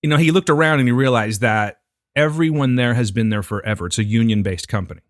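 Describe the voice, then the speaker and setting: A man's voice: medium pitch, quick pace, no echo, studio quality. A man in his forties co-hosting a podcast in a wry, joking chat. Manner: wry, joking, slips into impressions. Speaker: podcast co-host. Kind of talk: casual chat.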